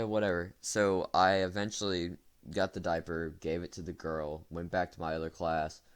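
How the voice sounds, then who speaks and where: With a low, clean-toned voice, this young vlogger wanders through a story for his audience, stopping to restart and correct himself and leaning on plenty of fillers.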